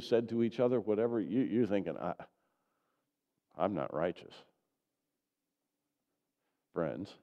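A man preaching a sermon as pastor, swinging from loud declarations to soft, low asides. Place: church sanctuary.

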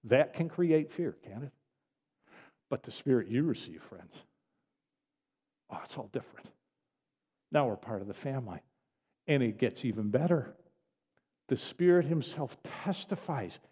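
A man's voice: medium pitch, expressive, unhurried, pauses often, dark tone, husky. An older man preaching a sermon as pastor, speaking in an earnest, repetitive cadence. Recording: long reverb of a large hall.

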